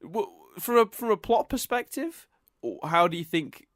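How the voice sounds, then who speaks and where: Co-hosting a laid-back podcast, a man rambles, keeps starting over, and laughs often. He has an expressive, high-pitched, fairly bright voice and a measured pace. It's studio-quality audio without any room sound.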